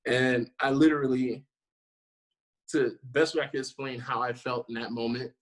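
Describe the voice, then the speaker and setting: A man in his thirties, a guest actor telling a lively story in a casual interview, acting out what people said and laughing often. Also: medium pitch, moderate pace, rough recording. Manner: animated storyteller, acts out quotes, laughs often.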